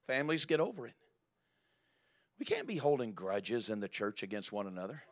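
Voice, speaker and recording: A man's voice: medium pitch, very animated, fairly quick. Emphatic man preaching a sermon. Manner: emphatic, building to loud rising exclamations.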